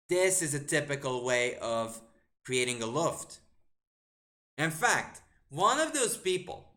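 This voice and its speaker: Lively bright-voiced man analyzing chess. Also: on the high side. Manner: animated, fires exasperated rhetorical questions at the board; muttering move lines to himself. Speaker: chess grandmaster streamer. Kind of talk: live chess game commentary.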